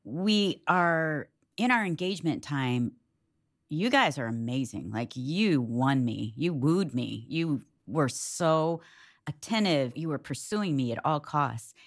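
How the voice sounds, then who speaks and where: Woman in her fifties, low voice, animated storyteller who acts out the voices in her stories. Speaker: co-host. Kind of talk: storytelling in casual chat.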